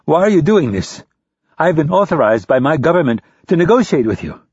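A man voicing a frightened male captive who pleads and whimpers for his captors to stop, in a high, strained voice. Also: very animated, a little fast, a little mellow, husky, dry recording, highs cut off. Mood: pleading. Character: frightened captive man begging, feigning weakness.

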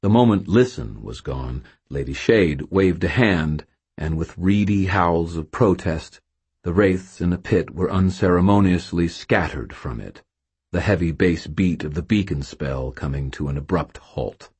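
A man narrating a first-person audiobook in a measured, expressive way, with a husky voice. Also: sits low.

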